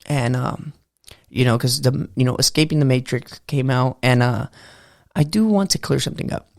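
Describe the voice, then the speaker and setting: Male podcast host, early-morning voice with a dry close sound and gravelly edge, rambling casual style. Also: medium pitch, normal speed, a little mellow, no echo. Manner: loose, rambling, says "you know" and "bro" often. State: just out of bed, early morning voice. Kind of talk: casual motivational podcast talk.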